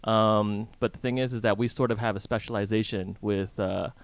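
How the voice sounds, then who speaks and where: A man's voice: on the low side, steady tone, normal speed, dry recording. A man being interviewed on the radio, talking casually and quizzing the hosts with questions as he explains his work. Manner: chatty, asks the hosts questions, restarts often. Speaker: real estate guest. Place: radio studio in a hotel.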